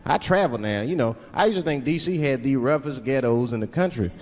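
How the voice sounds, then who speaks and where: A male stand-up comedian telling stories with animated, profane delivery that keeps jumping into voices, on a large theater stage. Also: mid-range voice, brisk. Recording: live stand-up in a reverberant hall, crowd laughter.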